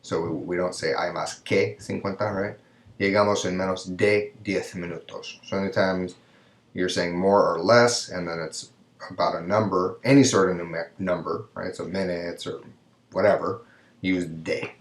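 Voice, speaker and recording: Man, very low voice, teaching a grammar lecture, keeps asking "right?", echoey room. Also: fairly even intonation, normal speed. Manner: explanatory, frequent "right?" checks. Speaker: Spanish teacher.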